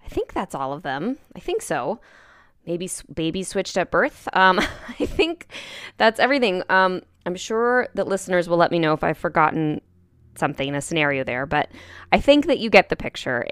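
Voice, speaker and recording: Woman podcast host, smooth clear voice, dry close mic, chatty, laughs between thoughts. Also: lowish voice, a bit bright, no echo. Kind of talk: podcast intro monologue. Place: home kitchen.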